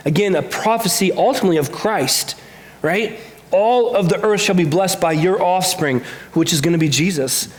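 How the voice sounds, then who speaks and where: A man's voice: high voice, normal speed, reverberant. A man preaching a sermon in church, talking conversationally and asking rhetorical questions. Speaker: pastor. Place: church sanctuary.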